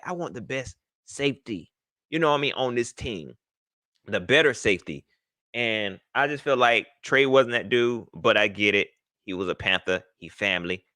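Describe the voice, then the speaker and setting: A man hosting a casual live sports talk stream, animated and shouting out viewers by name. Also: mid-range voice, dry recording, clean studio sound. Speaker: livestream host.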